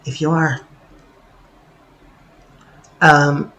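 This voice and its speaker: A man with a fairly high voice, ranting in a casual vlog monologue. He is sarcastic and curses often. He rambles along with lots of ums and trailing asides. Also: fairly even intonation, a little slow, pauses often, poor audio. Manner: sarcastic, swearing freely; rambling with many fillers. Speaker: vlogger.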